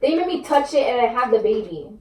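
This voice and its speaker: Young New woman, high and swooping voice, heated and cursing, in an echoey room off-mic. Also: big pitch swings, quick pace, recorded from a distance. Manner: confrontational and heated, lots of slang and cursing. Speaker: wife confronting her husband in a prank video. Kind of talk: heated home argument, swearing. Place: home. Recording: echoey room, voice from across the room, faint noise.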